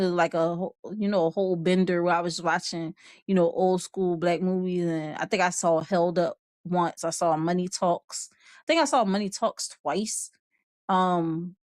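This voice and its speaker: A woman's voice: lowish voice, no room sound. A woman hosting a live online show in a casual, rambling way. She laughs often and reads out viewer comments. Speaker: show host. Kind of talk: casual livestream chat.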